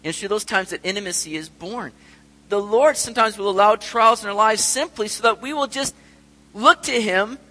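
A man's voice: high-pitched, bright, forceful tone, long reverb tail, low-quality recording. A middle-aged man preaching a sermon in an earnest way, sometimes acting out prayers and voices. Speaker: pastor.

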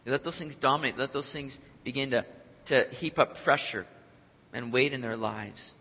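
A man's voice: medium pitch, normal speed, vocal fry, bright, forceful tone, slightly rough. A man preaching a sermon with energy and joking with the congregation. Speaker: pastor. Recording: long hall reverb.

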